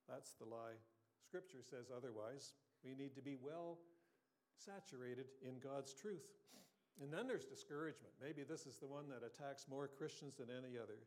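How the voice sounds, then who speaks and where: A man's voice: medium pitch, moderate pace, a little mellow. A man preaching a sermon in an earnest, conversational way, asking his listeners questions and sometimes restarting his sentences. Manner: occasional restarts and throat clearing. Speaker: pastor.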